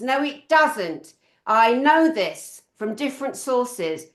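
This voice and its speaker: A middle-aged woman speaking at a conference, blunt and forceful, swearing for emphasis. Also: a little high, sing-song, slow pace, reverberant. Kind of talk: impassioned talk.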